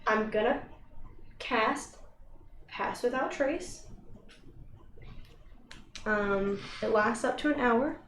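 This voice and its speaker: A woman's voice: a little high, very slow, long pauses, reverberant, far from the mic, a little hiss or hum, rough recording. A woman playing a tabletop game, giving urgent commands in character. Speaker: player. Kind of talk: tabletop role-play in character.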